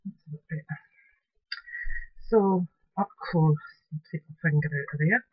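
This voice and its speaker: Woman, craft tutorial host; unhurried, homely chat with a dry, close sound on a dull, lo-fi recording. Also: sits low, husky, no room sound. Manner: chatty and homely, describing her work as she shows it. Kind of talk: casual craft demonstration.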